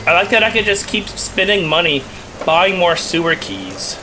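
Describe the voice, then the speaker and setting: Still getting over a cough, this young man keeps up his rambling, joking commentary on the video game he's playing, full of playful asides. He speaks at a moderate pace in a high voice that swings widely in pitch, against a noisy background.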